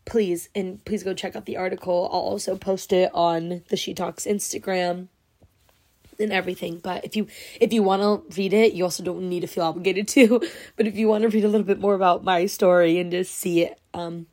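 A woman's voice: fairly low pitch, fairly even intonation, fairly quick, mellow. A young woman hosting her own podcast, crying happy tears as she gushes her thanks with lots of fillers and restarts. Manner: tearful, gushing, full of fillers. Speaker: podcast host. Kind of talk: emotional solo podcast talk.

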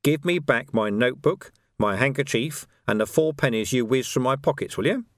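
Man narrating a weary watch sergeant, sarcastic, dry delivery, lively intonation. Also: medium pitch, moderate pace, no echo, voice pushed up, close to an everyday voice.

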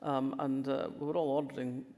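A woman's voice: rumbling low, flat delivery, a little fast, warm tone. An older woman from Fife with a Scottish accent, telling wry anecdotes as an interview guest, often restarting her sentences. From Scotland, Fife. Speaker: guest, crime writer. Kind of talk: conversational interview. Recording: long reverberant hall sound.

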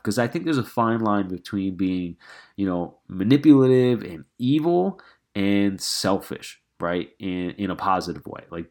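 A man with a somewhat low, stuffy, nasal voice talks straight to his listeners in a solo podcast. He speaks earnestly and with passion as a life coach, circling back and restarting his sentences as he goes. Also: a little mellow.

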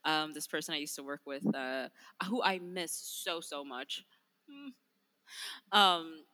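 A woman's voice: takes it slowly, sharp tone. A young woman co-hosting a casual podcast, telling chatty stories. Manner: chatty storyteller, goes high and sing-song when imitating how she talks to a dog. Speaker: podcast co-host. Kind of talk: casual chat.

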